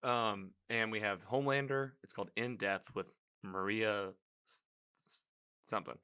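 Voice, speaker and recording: Male recapper, somewhat low voice with a crisp, forceful edge; loose, chatty, reactive delivery. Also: normal speed. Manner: rambling, filler-heavy, animated reactions. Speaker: TV episode recapper. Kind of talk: casual spoken episode recap.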